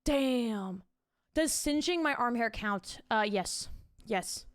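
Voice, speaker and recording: A young woman with a voice on the high side talks slowly with lively intonation. Streaming from home, she reads chat aloud, chats casually with her viewers, and swears freely into a desk mic with a pop filter.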